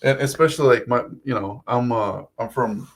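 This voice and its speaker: Man, Eastern European accent, thirties, rambling guest, mid-pitched. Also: normal speed. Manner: rambling, self-deprecating, restarts a lot. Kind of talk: casual interview chat.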